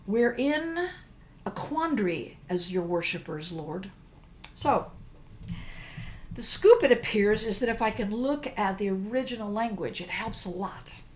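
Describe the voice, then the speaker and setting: A woman's voice: medium pitch, expressive, a little slow, a little mellow, a little hiss or hum. An older woman giving a casual devotional teaching, chatty and emphatic, often breaking off mid-phrase to restart. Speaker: worship teacher.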